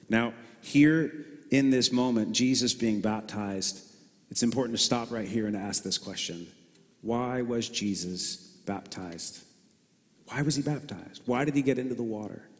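Male pastor, sermon delivery, earnest and building, repeats lines for weight; recorded in a reverberant church hall. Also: fairly low pitch. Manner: earnest preaching, repeats phrases for emphasis, voice rises when animated.

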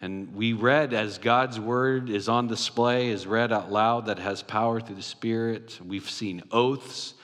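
A man's voice: lowish voice, measured pace, hardly any pauses. A man preaching a sermon as a pastor, telling stories and acting out short exchanges between characters. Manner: animated storytelling, acts out voices. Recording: long hall reverb.

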